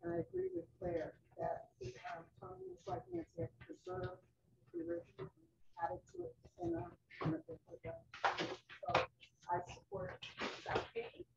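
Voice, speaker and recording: A woman speaking at a public hearing in support of an application, halting and searching for words. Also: very high-pitched, sing-song, vocal fry. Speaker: public commenter. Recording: muffled far-off echoey room with loud noise.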